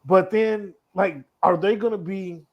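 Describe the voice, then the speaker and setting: A man co-hosting a casual sports talk show, telling stories with frequent laughter and lively asides. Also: sits high, measured pace, muffled recording. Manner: animated storyteller, laughs often. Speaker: podcast co-host.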